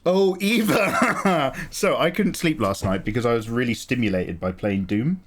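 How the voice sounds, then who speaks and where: A man's voice: medium pitch, expressive, a little slow. A tired man with a chatty, laughing way of talking, answering his live stream chat from a small home studio.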